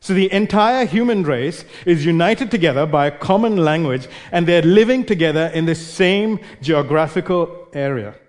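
A man's voice: a little high, lively intonation, moderate pace, few pauses, darkish tone, long reverb tail. A male preacher giving an expository sermon, explaining and posing rhetorical questions.

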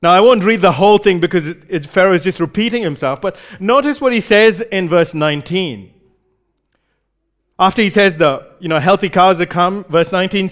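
High-voiced man preaching a sermon. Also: fairly quick. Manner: explanatory, acts out short quoted lines.

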